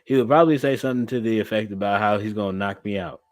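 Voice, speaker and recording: Male podcast host, lowish voice, blunt and slangy, casual talk full of restarts. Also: rapid-fire. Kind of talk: casual chat.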